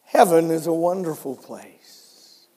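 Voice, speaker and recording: A man's voice: on the high side, slow pace. Older male preacher in a reverberant church. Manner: storytelling preacher, swings from soft to loud. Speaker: pastor. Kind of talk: sermon. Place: church sanctuary.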